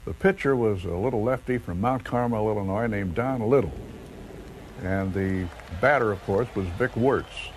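A man's voice: on the low side, moderate pace, slight background noise, rough recording. A man, a sports broadcaster, recounting a famous play in a matter-of-fact, conversational way. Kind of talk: reminiscing storytelling.

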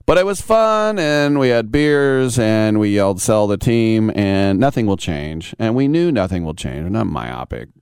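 Deep guy doing sports radio, wry rambling stories, smooth voice, dry studio sound. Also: animated, slow, a little mellow, no echo. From San Francisco Bay Area. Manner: rambling, wry storytelling with many asides. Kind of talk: casual sports talk radio monologue.

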